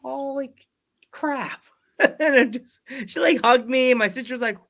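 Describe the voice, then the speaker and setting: A man's voice: very high-pitched, a bit bright. A man hosting a casual podcast interview, telling a rambling story with many restarts and acted-out quotes. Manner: rambling storyteller who acts out quoted voices; halting restarts mid-sentence. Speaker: podcast host.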